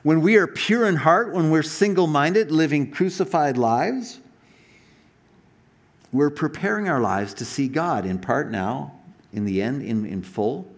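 A man's voice: on the high side, expressive, measured pace. A man preaching a sermon, telling stories animatedly with frequent restarts and asides. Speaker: pastor.

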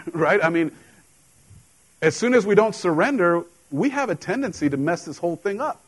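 A middle-aged pastor preaches a sermon in church, his slightly high, husky voice carrying a tinge of accent. He speaks animatedly at normal speed, treating the congregation like old friends and mixing in jokes and laughter, though the recording is low quality.

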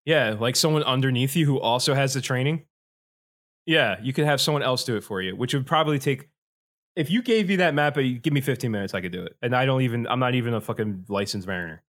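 A man hosting a podcast in a relaxed, casual chat. He rambles, circles back on himself with plenty of fillers, and swears freely. His voice sits at an everyday middle pitch. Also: quick pace. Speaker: podcast host presenting slides.

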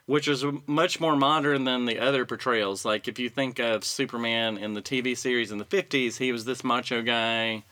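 Guy chatting through a story, bright voice, easygoing, keeps clearing his throat. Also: mid-range voice, fairly even intonation, normal speed, hardly any pauses. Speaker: podcast co-host telling a story. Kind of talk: casual chat.

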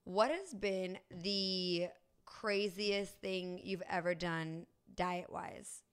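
Smooth-voiced woman podcast co-host. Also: lowish voice, extremely slow. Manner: chatty, laughs easily, many restarts. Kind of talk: casual chat.

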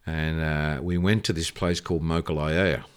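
An older man with an Australian accent and a very deep, low voice spins long, rambling anecdotes. He swears casually and keeps the tone loose and conversational, like a guest chatting in an interview. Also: steady tone, normal speed, clear, resonant tone. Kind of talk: casual storytelling.

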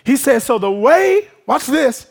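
Preacher, male, very high voice with a raspy edge, call-and-response sermon delivery. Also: very animated, unhurried. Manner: emphatic call-and-response preaching, often asking if the congregation follows.

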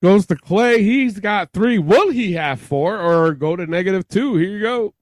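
Loud, profane high-voiced man hosting. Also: lively intonation, a little slow, background noise. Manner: profane, loud, exasperated ribbing. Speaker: podcast host running a quiz game. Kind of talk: casual podcast banter.

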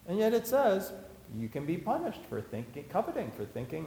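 A man's voice: high-pitched, wildly swooping pitch, brisk, creaky, mellow, a little hiss or hum. Man lecturing in an echoey hall. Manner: conversational, anecdotal, acts out quotes. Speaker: speaker teaching about Jewish law. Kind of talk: lecture to a live audience. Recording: echoey hall, faint ambience.

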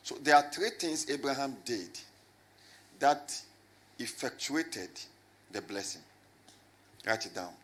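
A man preaching a lively sermon as a pastor, swinging from loud shouts to low asides and calling on the congregation to answer. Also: measured pace, pauses often. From Ghana. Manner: animated, rising to shouts and dropping low, with call and response.

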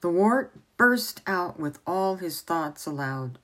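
Female storyteller, unhurried read-aloud narration, lower pitch. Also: lively intonation, a bit bright, low-quality recording. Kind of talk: reading a novel aloud.

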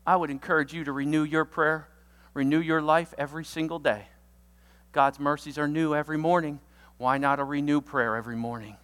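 A pastor giving a sermon, walking through a numbered list of alliterative points with energetic delivery and sudden loud outbursts. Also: medium pitch, a little fast, big-room sound. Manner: lists points with alliterative words.

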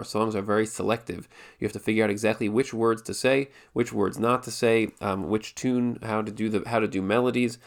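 Low-voiced man teaching with restarts. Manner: thoughtful, many restarts and repeated words. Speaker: Torah teacher. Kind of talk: spoken Jewish law lesson.

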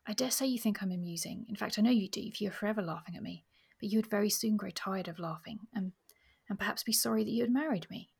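A woman's voice: medium pitch, fast, creaky, few pauses, a little mellow, husky. A woman reading passages from a novel aloud with expression, sometimes dropping almost to a whisper, and talking about the book.

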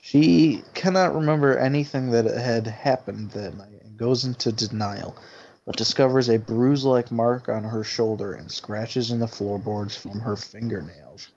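A man co-hosts a podcast and retells a movie plot in a relaxed, chatty way. He swears casually and laughs often. The audio is slightly dull and lo-fi. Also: lowish voice, unhurried, a little hiss or hum. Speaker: podcast co-host.

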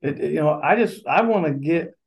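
A man's voice: fairly high pitch, lively intonation, a little fast, creaky. A middle-aged man, an assistant basketball coach, talking earnestly and getting fired up in a podcast interview.

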